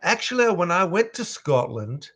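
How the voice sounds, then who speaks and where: A man's voice: high voice, sing-song, normal speed, fairly bright tone. A man voice actor chatting casually, reading fan questions aloud and telling stories with frequent chuckles. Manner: chuckly, storytelling, reads chat aloud. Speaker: voice actor at a live signing.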